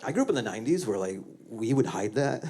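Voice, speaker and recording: Man, 40s, stand-up comic at a live show, animated delivery, audience laughing throughout. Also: fast, a crowd in the background. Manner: conversational, jumps into high squealing voices for acted bits. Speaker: stand-up comedian. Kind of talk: stand-up comedy set. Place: comedy venue stage before a laughing audience.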